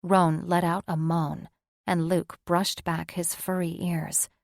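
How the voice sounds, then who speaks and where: Gravelly low woman narrating a novel. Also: little pitch movement, slow, dry recording, studio quality. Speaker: audiobook narrator. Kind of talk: scripted narration.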